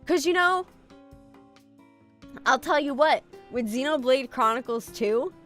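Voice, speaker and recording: A woman VTuber chatting with her stream audience, her pitch leaping around animatedly as she talks. She is casual, profane and self-mocking, reading and answering chat as she goes. Soft music plays faintly behind her. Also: expressive, measured pace.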